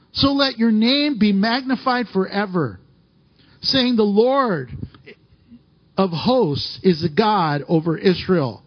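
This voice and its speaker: A man delivers a sermon in a high, husky voice, reading scripture aloud between stretches of heartfelt commentary. His preaching surges with fervor and then drops to near whispers. The recording sounds dull and lo-fi. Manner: emotional, rising and falling preaching with scripture readings. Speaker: pastor.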